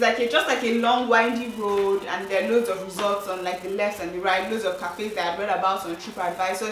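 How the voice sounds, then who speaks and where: A woman's voice: mid-range voice, a bit bright, a little hiss or hum. Young woman chatting to camera about her travels, lots of likes and ums, mic a bit far off in an echoey room. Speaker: travel vlogger. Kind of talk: casual chat to camera. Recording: roomy, distant mic with faint ambience.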